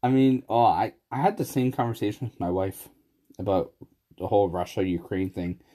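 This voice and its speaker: A man with a lowish, mellow voice talks casually with a friend. He tells stories with animation and keeps breaking into laughter. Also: moderate pace. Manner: laughs often, animated storytelling. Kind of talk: casual chat.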